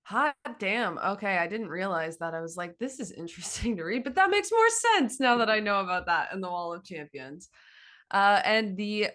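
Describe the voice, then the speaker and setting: A woman's voice: mid-range voice, expressive, moderate pace, a bit bright. A woman from Canada co-hosting a podcast, chatting in an upbeat way and reading out facts. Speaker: podcast co-host. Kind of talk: casual chat.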